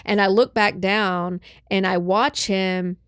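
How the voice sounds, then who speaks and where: A woman's voice: mid-range voice, takes it slowly, clean tone, no room sound, clean studio sound. A woman hosting a podcast, telling a story in casual chat, often saying "right?" and "like". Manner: animated, often says "right?" and "like". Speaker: podcast host.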